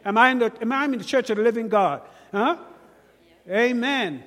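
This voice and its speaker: A man's voice: very high voice, expressive, normal speed, fairly bright tone, long reverb tail. A man with a British accent preaching a sermon, questioning the congregation and drawing call-and-response. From Britain.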